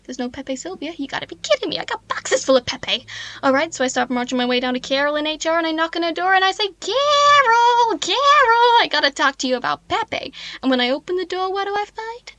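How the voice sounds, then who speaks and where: A paranoid male mailroom worker rants in frantic, shouting bursts, put on by a British woman. The voice sits high and jumps up sharply at each outburst. It sounds close and dry. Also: expressive, fairly quick, dry recording, exaggerated voice.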